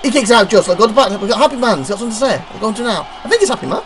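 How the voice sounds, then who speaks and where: An excitable commentator calling a wrestling game with a lively, bouncing voice. The exclamations come thick and fast. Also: medium pitch, crowd noise. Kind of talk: playful play-by-play commentary.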